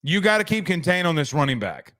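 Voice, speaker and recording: A man's voice: fairly high pitch, big pitch swings, brisk, pushed and bright. A man hosting a casual sports commentary show, rambling and joking. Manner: rambling, joking, trails off into asides.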